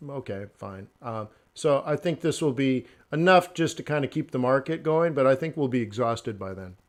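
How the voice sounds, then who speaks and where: A man's voice: medium pitch, animated, normal speed. A man hosting a trading livestream, rambling through joking anecdotes in a casual way. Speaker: forex livestream host.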